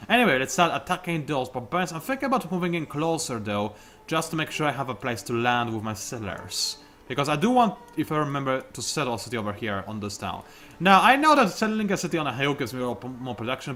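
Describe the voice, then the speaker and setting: A man's voice: medium pitch, very animated, fast talker, sharp tone. A young man giving casual, self-mocking commentary while playing a strategy game, with sudden outbursts at his opponents. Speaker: gaming YouTuber.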